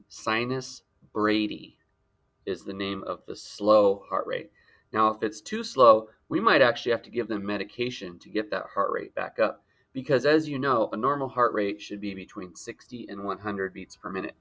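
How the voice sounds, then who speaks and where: A man's voice: on the low side, normal speed, a bit bright. A male teacher giving a playful lecture with frequent joking asides. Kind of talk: jokey classroom lecture.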